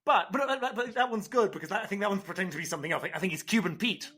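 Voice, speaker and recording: A young man co-hosting a podcast in casual chat, animated and self-deprecating. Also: sits high, rapid-fire, husky. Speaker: podcast co-host.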